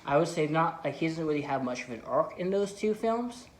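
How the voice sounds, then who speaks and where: A man's voice: a little high, lively intonation, brisk. A man vlogging casual movie commentary, rambling enthusiastically with lots of "like" and "you know". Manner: enthusiastic fan. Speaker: film vlogger.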